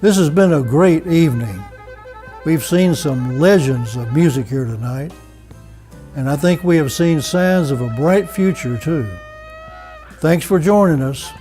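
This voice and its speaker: Older Mississippi bluesman accepting an award, slow and halting, warm low-key tone. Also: animated, soft background music. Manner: halting, searching for words, many pauses. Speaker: award recipient, blues musician. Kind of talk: heartfelt acceptance speech.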